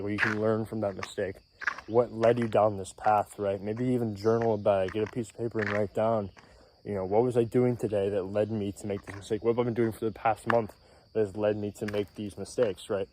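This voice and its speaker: A man vlogging outdoors in casual self-improvement talk, a little out of breath, rambling and clearing his throat, often tagging "right?". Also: lowish voice, steady tone, a little fast, dark tone. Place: outdoors in nature, mosquitoes around. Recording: faint outdoor noise with insects.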